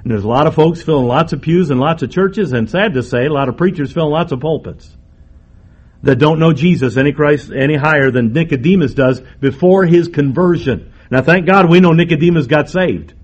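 A man preaching a sermon, emphatic, moving between raised and hushed delivery. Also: fairly high pitch, fairly quick, breathy edge, dull audio.

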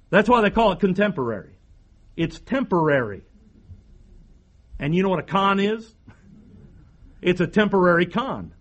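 High-voiced man preaching emphatically. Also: lo-fi sound. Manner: emphatic preaching with repeated phrases and rhetorical questions. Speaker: pastor. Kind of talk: sermon.

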